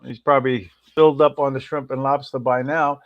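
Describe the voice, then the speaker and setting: A man's voice: mid-range voice, little pitch movement, brisk, no echo, lo-fi sound. A man hosting a casual livestream and greeting viewers by name. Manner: reads out viewer names and greets them one by one. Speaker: livestream host.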